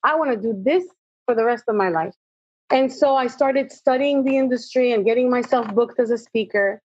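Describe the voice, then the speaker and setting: A slightly rough, somewhat high female voice moves at a moderate pace in a dry recording with a dull, lo-fi quality. She is a middle-aged motivational speaker, a guest in an interview, telling her personal story with animation and acting out the exchanges.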